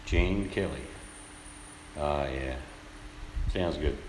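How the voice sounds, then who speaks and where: Man, joking casual chat, low voice, echoey hall, background noise. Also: drawn-out words. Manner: playful, breaks into silly voices and singing. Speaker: livestream chatter.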